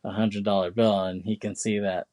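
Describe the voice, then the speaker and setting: A man with a fairly low voice chats casually on a podcast. He rambles through the story with lots of fillers and slips into quick imitations of the characters. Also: little pitch movement, warm tone. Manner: rambling retelling, many fillers and put-on quotes. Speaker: podcast co-host. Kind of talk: casual chat.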